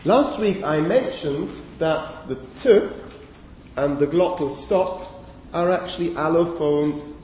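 A man's voice: on the high side, takes it slowly, darkish tone, slight background noise. A man giving a university lecture, thinking aloud with frequent okays and fillers and correcting himself as he goes. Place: lecture hall. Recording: echoey lecture hall recorded from far off.

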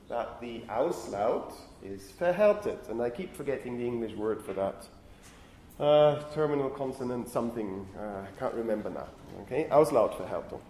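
A man's voice: medium pitch, dark tone. Man lecturing in an echoey room. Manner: explanatory, repeats "okay?" to check understanding. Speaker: linguistics lecturer. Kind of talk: university lecture. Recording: echoey room with faint ambient noise.

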